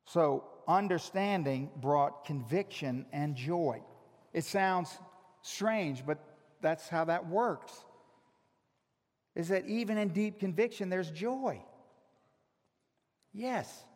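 Man, pastor, sermon, high voice, teasing, shouts then hushes, big reverberant hall. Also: takes it slowly, pauses often. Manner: teasing, animated preaching that swings from shouts to hushed emphasis. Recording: long reverb of a large hall.

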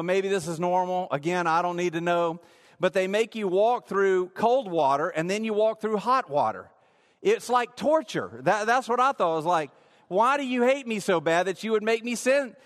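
A man's voice: high voice, fairly bright tone. A man preaching a sermon in a church, telling a personal story in a casual, rambling way with many fillers. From rural area. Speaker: pastor. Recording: long hall reverb.

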